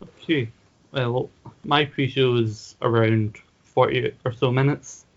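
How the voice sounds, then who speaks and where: A man co-hosting a podcast in casual chat, with a wry, flat delivery. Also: medium pitch, takes it slowly. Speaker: podcast co-host. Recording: dull audio with faint noise.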